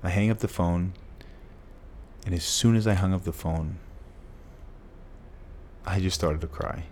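Guy with a really low voice, ex football player, earnest and emotional, keeps repeating himself. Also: fairly even intonation, unhurried, a little mellow, slight background noise. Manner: emotional, earnest, lots of repetition. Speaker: guest, former pro football player. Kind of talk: storytelling in an interview.

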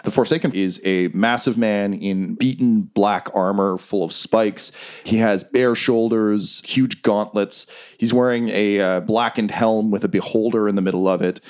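A man's voice: on the low side, fairly even intonation, unhurried, a little mellow. A man narrating and running a tabletop role-playing game as game master.

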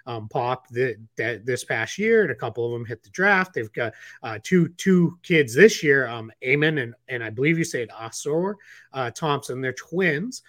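A man's voice: mid-range voice, animated, moderate pace, a bit bright, no room sound. A man co-hosting a sports podcast in casual chat, rambling with many fillers and restarts, and he has the hiccups. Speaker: podcast co-host.

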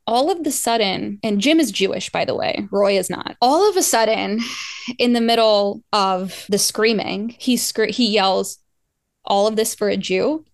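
Woman guest rambling thru her breakup story, bit of vocal fry, dry close sound. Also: medium pitch, no room sound. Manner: rambling, animated, swearing casually. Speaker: podcast guest. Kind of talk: casual storytelling.

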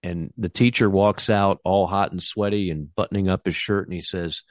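A man co-hosting a sports podcast, rambling enthusiastically and restarting his sentences. His voice sits on the low side and sounds dry and close. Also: steady tone, moderate pace, hardly any pauses, no echo. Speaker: co-host. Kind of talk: casual sports podcast chat.

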